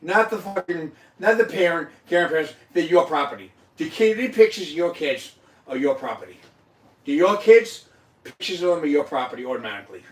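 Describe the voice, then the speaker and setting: A man's voice: fairly high pitch, animated, brisk. A man hosting a casual chat, emotional, profane and insistently repeating himself. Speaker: host. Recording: echoey room, mic at a distance.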